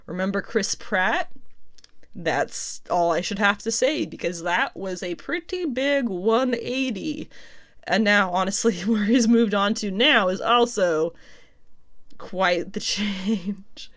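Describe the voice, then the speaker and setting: A young woman talks through the latest comic book news in a loose, chatty way. She laughs often, trips over a name and then fixes it, and sits at an everyday middle pitch for a woman. Her tone stays conversational, never scripted. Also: a little slow. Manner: chatty and animated, laughs often, corrects herself mid-sentence. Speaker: pop culture news host. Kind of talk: casual news commentary.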